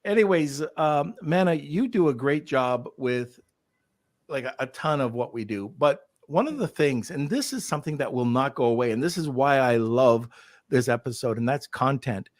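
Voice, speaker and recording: A man hosting a podcast in a relaxed, upbeat way, full of fillers and asides. His voice sits at a middle pitch and the sound is dry and close, with no room to speak of. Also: moderate pace, no echo. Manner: chatty, upbeat, lots of fillers. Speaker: podcast host. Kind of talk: casual podcast chat.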